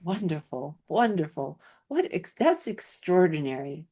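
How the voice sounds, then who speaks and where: A woman's voice: sits low, very animated, unhurried, mellow, slightly rough. A woman interviewing a guest, reacting with enthusiastic, affirming remarks and then telling her own stories. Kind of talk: conversational interview.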